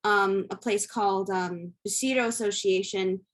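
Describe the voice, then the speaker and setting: A woman's voice: mid-range voice, fairly even intonation, a little slow. A young woman, an actor from the United States, talking as a guest in an interview, poised and well-spoken. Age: young adult. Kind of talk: casual interview chat.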